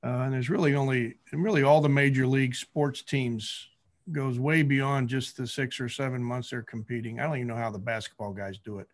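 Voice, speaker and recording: A man with a mid-range voice answers a question on a call. He speaks in a measured, thoughtful way with a few hesitations. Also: medium pitch, fairly even intonation. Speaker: guest author.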